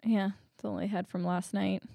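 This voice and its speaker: A woman's voice: medium pitch, level tone, normal speed, vocal fry, warm tone, no echo. A young woman co-hosting a casual podcast chat, laughing often between her lines. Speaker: podcast co-host.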